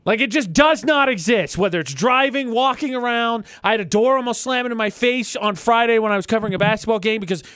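A man with a high, smooth, clear voice banters casually as a radio co-host, heard dry and close on a studio mic. He talks in an animated way and slips into mocking voices to poke fun at people. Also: fast talker, hardly any pauses, dry recording.

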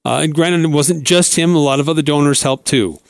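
A man's voice: a little high, a little fast, gravelly, no echo. A male sports radio host talking casually and unhurriedly, with many filler words.

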